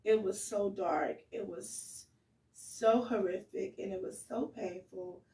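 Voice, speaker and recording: A woman's voice: medium pitch, takes it slowly, mellow, echoey room, distant mic, poor audio. A woman co-hosting a podcast who gives earnest, pleading advice, emotional and direct. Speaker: podcast co-host.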